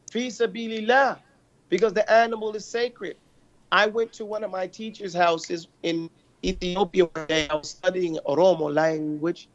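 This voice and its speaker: Man teaching, stopping to check in. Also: sits high. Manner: storytelling, checks in with listeners often. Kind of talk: lesson commenting on a classical text. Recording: muffled lo-fi recording.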